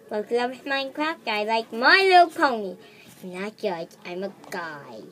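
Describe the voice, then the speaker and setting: A woman voicing a shy young male toy pet who talks in a hesitant, mumbling way with lots of pauses. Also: on the high side, lively intonation, a bit bright. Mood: sheepish.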